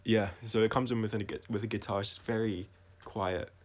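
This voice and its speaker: A man talking through his own songs on a casual livestream, reflective and halting, often restarting his sentences and trailing off quietly. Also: on the low side, steady tone. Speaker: singer-songwriter explaining his songs.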